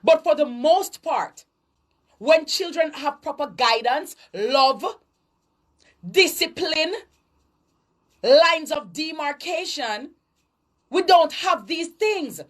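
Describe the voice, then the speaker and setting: A woman's voice: high voice, animated, takes it slowly, long pauses. A woman with a Jamaican accent giving an emphatic, preachy social commentary monologue, lecturing and slipping into patois. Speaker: online commentator.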